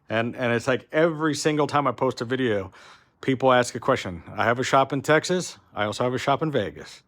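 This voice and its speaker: Touring his big warehouse workshop for a casual vlog, a frustrated man rambles and often starts sentences over. He speaks fairly quickly in a medium-pitched, animated voice with a fairly bright tone.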